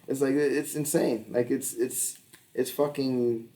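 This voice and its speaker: A man's voice: medium pitch, steady tone, a little slow, warm tone, distant mic. Male podcast co-host, 30s, loose and profane, mimics others mid-story, recorded a bit off-mic. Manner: profane, rambling, laughs often, acts out little dialogues. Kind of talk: casual chat.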